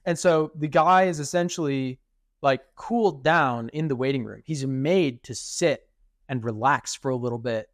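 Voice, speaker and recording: A young man co-hosting a podcast in casual chat, animated and acting out quoted speech. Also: medium pitch, moderate pace, no echo, studio quality. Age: young adult. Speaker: podcast co-host.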